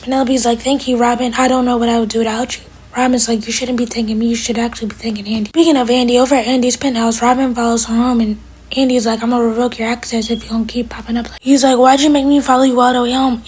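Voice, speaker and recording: A woman's voice: on the high side, a little mellow, breathy edge. A woman giving a casual recap of a TV episode, retelling scenes by quoting the characters and adding sassy asides of her own. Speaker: TV episode reviewer.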